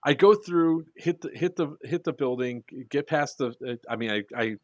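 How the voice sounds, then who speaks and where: A man telling a long story in casual podcast chat, acting out the quotes with lively voices and freely swearing. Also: on the high side, moderate pace, dry recording. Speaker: airsoft podcast speaker.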